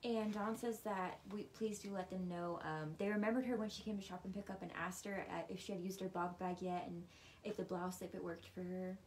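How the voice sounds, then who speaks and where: A woman on a live sale reading out viewer questions, prices and order codes in a brisk way. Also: on the low side, fairly even intonation, darkish tone, slight background noise.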